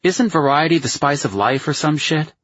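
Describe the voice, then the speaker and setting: A man voicing a brash, crude young friend who teases and swaggers, raised and loud. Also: mid-range voice, big pitch swings, unhurried, husky, no room sound, muffled recording, pitched above the performer's own voice, heavily acted. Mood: brash, teasing.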